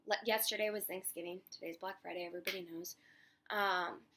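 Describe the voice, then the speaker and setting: A young woman vlogging outdoors on a beach as she walks, talking casually with a steady stream of "like" and acting out what other people said. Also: fairly low pitch, brisk, slight background noise. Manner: chatty, heavy use of "like", acts out quoted people. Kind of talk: casual personal vlog.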